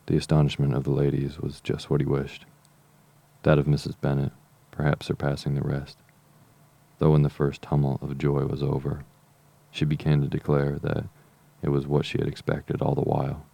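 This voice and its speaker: A man narrating a classic novel as an audiobook, reading in a steady, measured way. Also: a bass voice, creaky.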